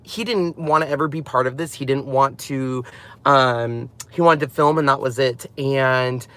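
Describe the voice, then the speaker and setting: A man's voice: medium pitch, measured pace, a bit bright. A man in his thirties hosting a casual live stream about his craft channel, chatty and rambling, often laughing as he talks.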